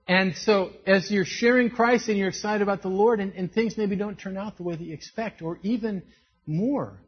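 Here a pastor with a high, husky voice preaches at a moderate pace, bringing his sermon stories to life by performing the quoted voices. The audio has a dull, lo-fi quality.

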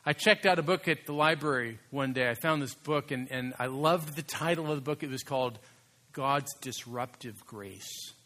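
A man preaching a sermon as pastor, conversational and emphatic, slowing down to stress key words. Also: on the high side, pushed and bright.

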